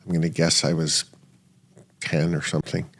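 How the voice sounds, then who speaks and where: A man's voice: a bass voice, flat delivery, normal speed, vocal fry, husky. A man in his sixties hosting a podcast, chatting casually and hesitantly with plenty of fillers as he shares a childhood memory. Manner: hesitant, conversational, with frequent fillers. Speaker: podcast host. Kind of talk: casual conversation.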